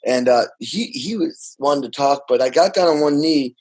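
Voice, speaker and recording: A man's voice: mid-range voice, normal speed, a little mellow, poor audio. An older man, a drummer, telling stories in an interview with energy and enthusiasm, often restarting and repeating words. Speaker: guest drummer. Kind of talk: animated storytelling in casual interview.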